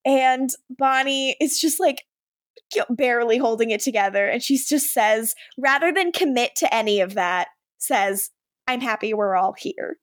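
A woman's voice: a little high, moderate pace, no echo, clean studio sound. A woman co-hosting a podcast, casually recapping a TV episode and animatedly acting out characters' lines. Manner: animated, quotes characters in lively voices. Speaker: podcast co-host.

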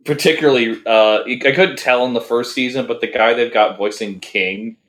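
A man's voice: medium pitch, normal speed, a bit bright, reverberant. A man co-hosting a casual anime review podcast, talking in a rambling, hesitant way with many fillers and restarts. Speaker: podcast co-host.

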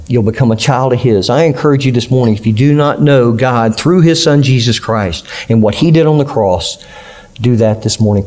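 Man preaching a slow, earnest sermon. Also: medium pitch, a little mellow. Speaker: pastor. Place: church sanctuary.

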